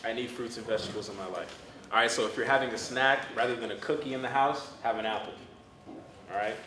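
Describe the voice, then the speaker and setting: A man's voice: medium pitch, quick pace, pushed and bright, roomy sound, distant mic, a little hiss or hum. Man coaching kids on healthy eating. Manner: coach-like, asks the kids questions and answers them himself. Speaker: nutrition speaker at a kids' fitness camp. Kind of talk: energetic talk to children. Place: community center event with children.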